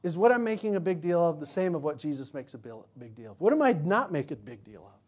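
A man's voice: fairly high pitch, sing-song, fast talker, a little mellow. A man preaching a sermon in a conversational, joking way, asking the congregation questions. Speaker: pastor.

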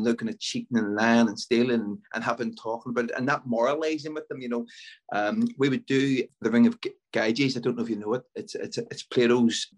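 Chatty Belfast man, animated storyteller. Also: medium pitch, poor audio. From Northern Ireland. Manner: animated storyteller with many restarts and repeated words. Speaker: primary school principal. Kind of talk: casual interview chat.

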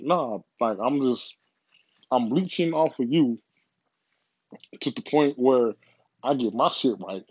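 A man's voice: mid-range voice, lively intonation, a little slow, pauses often, a little mellow, slightly rough, no echo, lo-fi sound. A man giving a casual, rambling motivational monologue, profane and full of repeats.

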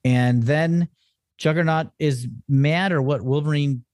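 A man's voice: fairly high pitch, measured pace, a little mellow, no echo. Wry man on a dry mic. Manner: wry, joking, recaps the plot. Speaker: podcast co-host. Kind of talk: casual comics discussion.

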